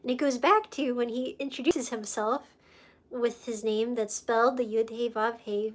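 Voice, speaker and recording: Speaking at a moderate pace with fairly even intonation, this fairly high-voiced woman from the United States tells her faith story on a casual livestream. She's the host, and her telling is emotional, meandering, and prone to sidetracks.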